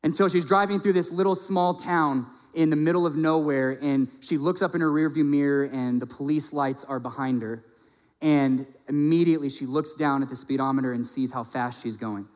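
A man's voice: on the high side, fairly even intonation, normal speed. Preaching man in a reverberant hall. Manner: impassioned, rising loud on emphasis and dropping soft for the story. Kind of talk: sermon storytelling.

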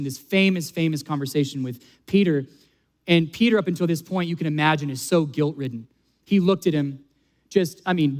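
A man preaching a sermon, earnest and building to emphatic peaks. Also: a little high. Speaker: pastor.

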